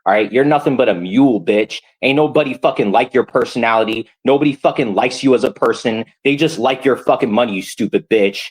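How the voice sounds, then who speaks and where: A man's voice: a little fast, few pauses. A man ranting on a livestream, furious and profane, talking straight to his viewers. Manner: furious, profane, lively pitch. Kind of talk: angry livestream rant.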